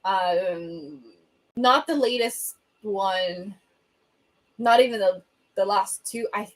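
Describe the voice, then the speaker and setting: In a home room with a bookshelf, a young woman livestreams casual chat, answering viewer comments through her laptop's built-in webcam mic. Her voice is medium in pitch, and she takes things slowly, rambling and humming between thoughts.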